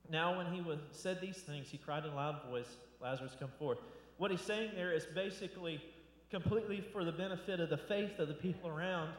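A man's voice: high-pitched, brisk. A male pastor giving a loose, conversational sermon, often repeating words and restarting phrases. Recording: echoey hall with long reverb.

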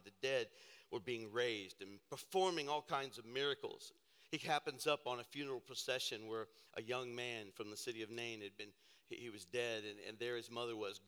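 A man preaching a sermon, telling a personal story with animated, self-deprecating humor in a church auditorium. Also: medium pitch. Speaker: pastor. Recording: hall reverb.

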